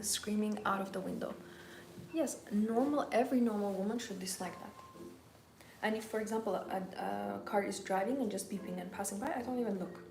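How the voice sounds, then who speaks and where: A woman giving a live-stream coaching talk in an intimate way, often dropping to a whisper. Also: medium pitch. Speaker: femininity coach. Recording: roomy with background music.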